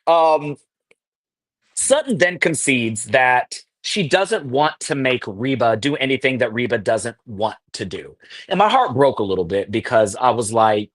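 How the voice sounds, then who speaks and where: A host recapping a reality TV episode on a live show, animated and laughing often. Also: medium pitch, measured pace, no room sound. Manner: animated storytelling with acted quotes. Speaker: podcast host.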